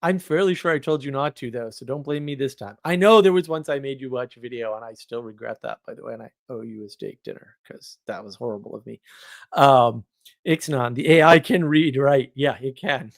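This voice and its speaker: A man's voice: mid-range voice, fairly quick, vocal fry, no echo, clean studio sound. A man hosting a casual livestream, reading viewer comments aloud and answering them in a wry, argumentative way, laughing often. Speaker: livestream host.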